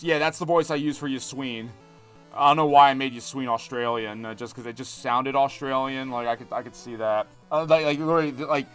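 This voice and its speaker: A man streaming a video game, rambling in animated commentary and chatting with his viewers. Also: a little high. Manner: rambling, animated, talks to chat. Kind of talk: live gameplay commentary.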